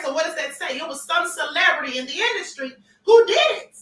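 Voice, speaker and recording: A high-pitched woman with a sharp, bright voice hosts a gossip livestream. She talks emphatically, repeats her points and sometimes raises her voice. She sounds set back from the mic in an echoey room. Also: animated, fast, few pauses, distant mic. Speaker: livestream host. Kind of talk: celebrity gossip commentary.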